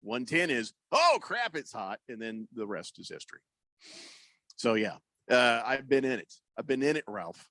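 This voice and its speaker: A man's voice: medium pitch, normal speed, no echo. A middle-aged man hosting a radio show, chatting casually and telling rambling stories, acting out voices in his anecdotes. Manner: rambling storyteller, animated, acts out voices in anecdotes. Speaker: radio host. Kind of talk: casual sports radio chat. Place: radio studio.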